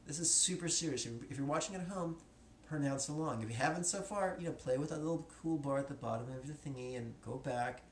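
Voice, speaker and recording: A man's voice: fairly high pitch, a little fast. A man teaching as a spiritual teacher, joking and casual, in a classroom. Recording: echoey room, faint noise.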